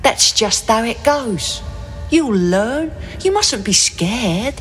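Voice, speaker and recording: A woman voicing a soft-spoken older companion who gently comforts a frightened child in a radio play. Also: fairly high pitch, slow pace, a little hiss or hum, pitched above the performer's own voice. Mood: comforting. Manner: gentle, soothing, quietly reassuring.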